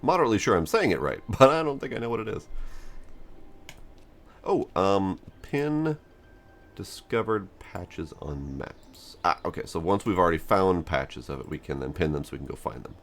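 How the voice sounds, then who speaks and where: A gameplay streamer gives casual let's-play commentary, chatting and poking fun at himself while reading the game's text aloud. His low voice has a sing-song lilt and moves at a normal speed.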